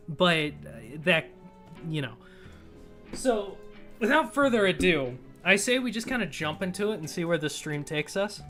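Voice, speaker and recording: A man's voice: sits high, sharp tone. Wry young man streaming, laughing often. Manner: wry, laughs a lot, swears casually. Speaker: streamer host. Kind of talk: casual livestream commentary.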